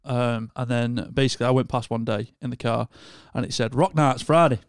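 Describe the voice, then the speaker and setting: A man's voice: mid-range voice, flat delivery, fairly quick, smooth, no echo. Man, casual podcast storytelling, rambling with restarts, dead dry close mic. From Northern England. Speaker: podcast co-host. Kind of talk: casual chat.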